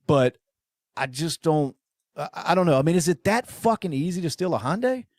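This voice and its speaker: A man co-hosting a casual podcast chat, rambling and swearing, his voice often trailing off quietly at the ends of phrases. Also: on the high side, animated, moderate pace, no room sound, clean studio sound. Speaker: podcast co-host.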